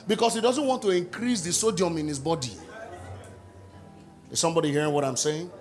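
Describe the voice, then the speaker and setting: A high-voiced pastor preaches with wild swings in pitch, rising to shouts and dropping low to act out quotes. Faint music plays under him in the church. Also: male voice, moderate pace, pauses often. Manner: animated preaching, shouting peaks, acted-out quotes. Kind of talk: sermon. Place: church service.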